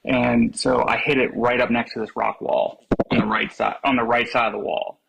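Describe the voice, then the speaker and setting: A man's voice: mid-range voice, fairly even intonation, normal speed, vocal fry, fairly bright tone, slight background noise, low-quality recording. A man chatting as a podcast guest, telling rambling stories and laughing often. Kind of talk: casual chat.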